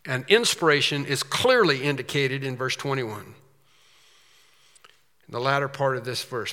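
A man preaching a sermon, slow and emphatic with quicker asides. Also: mid-range voice, bright, forceful tone, in a large hall.

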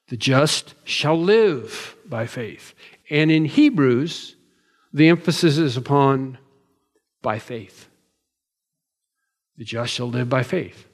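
A pastor preaching a sermon with measured, emphatic delivery and slow deliberate stresses. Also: male voice, fairly high pitch. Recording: long hall reverb.

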